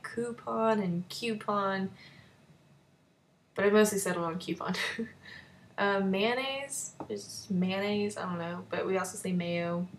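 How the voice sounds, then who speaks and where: A young woman with a North Texas accent chatting casually in a vlog, with many fillers and small laughs. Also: medium pitch. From North Texas, USA. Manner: chatty, giggly, lots of fillers and likes. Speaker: vlogger. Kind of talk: casual chat.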